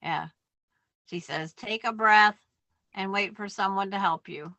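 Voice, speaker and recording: A woman co-hosting a casual livestream, adding slow, unhurried remarks to the chat. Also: mid-range voice, sharp tone, dry recording. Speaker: livestream co-host.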